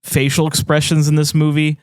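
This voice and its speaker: A man co-hosting a podcast in casual chat, relaxed as he retells scenes. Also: a little high, brisk, clear, resonant tone, dry recording, clean studio sound. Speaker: podcast co-host. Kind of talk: casual chat about a horror film.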